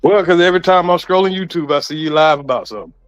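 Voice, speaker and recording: Over dull lo-fi audio with faint background music, an online content creator argues heatedly and casually, sarcastic, mocking, and prone to repetition. This man talks fast in a smooth voice pitched on the high side.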